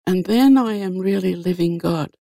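A woman's voice: on the low side, moderate pace, creaky, warm tone, no echo, studio quality. A woman guest telling an earnest spiritual story in an easy conversational way. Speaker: guest sharing a faith story.

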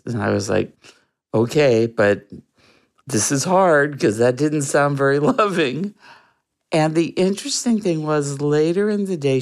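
An interview guest recounts a personal story in an earnest, reflective way. The telling is slow and unhurried, with soft laughs along the way, at a middle pitch. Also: creaky.

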